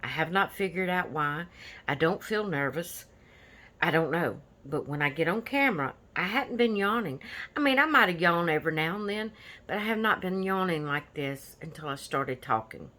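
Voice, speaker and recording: A woman's voice: fairly low pitch, expressive, normal speed, sharp tone. A woman hosting a coloring channel, chatting casually about her finished pages in an easygoing, rambling way with lots of fillers.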